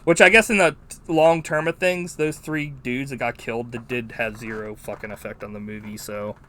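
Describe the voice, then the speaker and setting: A man hosting a podcast, chatting casually and recounting a movie in a rambling, profane, animated way. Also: medium pitch, moderate pace. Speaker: podcast host. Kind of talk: casual movie-review chat.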